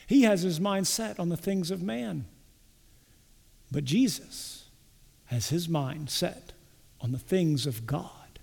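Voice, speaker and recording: Male pastor, sermon, high voice, measured and unhurried, long hall reverb. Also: expressive, creaky, a little mellow. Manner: slow, deliberate preaching with emphatic quoted lines.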